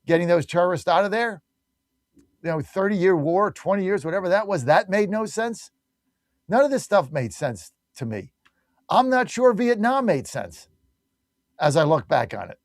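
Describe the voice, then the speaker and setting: High-voiced emphatic talk radio host man. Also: animated, moderate pace, dry recording, studio quality. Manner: emphatic, repetitive, combative. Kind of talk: opinionated talk radio monologue.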